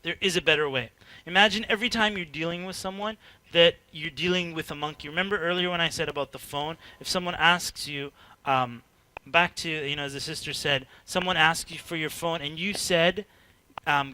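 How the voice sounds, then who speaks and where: A man giving an informal teaching talk to a group, animated and chatty, acting out little dialogues and laughing between filler-heavy sentences. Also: on the high side, brisk, clean tone. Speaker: workshop speaker.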